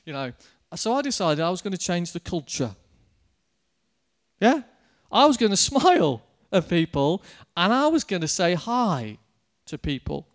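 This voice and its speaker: Guy preaching, chatty storytelling sermon, laughs a bit, slightly higher voice. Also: measured pace. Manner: lively storytelling, chuckling, addressing congregation. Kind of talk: sermon with personal anecdote.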